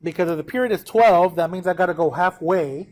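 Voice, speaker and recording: A man's voice: high-pitched, fairly quick, darkish tone. Upbeat man teaching a math lesson. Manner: checks in often with the class, counts numbers aloud. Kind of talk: classroom lesson, working through a graph.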